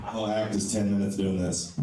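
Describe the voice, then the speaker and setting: A man's voice: lowish voice, level tone, moderate pace. A man doing a self-deprecating stand-up comedy set, chatting with the crowd in a small comedy club. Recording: echoey club, distant mic, audience.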